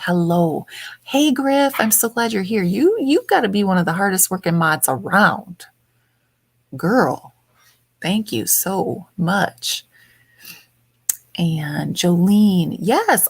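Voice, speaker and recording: A woman hosting a livestream, greeting her viewers one by one in soft, affectionate, rambling chat from home. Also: fairly low pitch, gravelly, husky, no echo. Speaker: livestream host.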